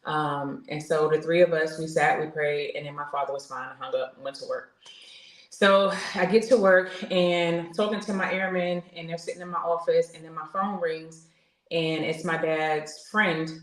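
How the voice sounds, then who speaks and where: A deep-voiced woman in her forties, a military veteran appearing on a podcast, shares her story openly and earnestly at normal speed. Her intonation is fairly even, her speech is full of fillers and restarts, and the recording has a roomy echo.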